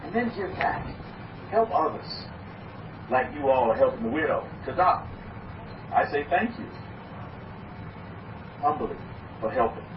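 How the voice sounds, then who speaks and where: High-voiced preaching man, distant and echoey. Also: big pitch swings, unhurried, pauses often. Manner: emphatic, repetitive, with dramatic swings of pitch. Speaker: rabbi. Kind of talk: preaching sermon. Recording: echoey, distant, dull lo-fi with faint hiss.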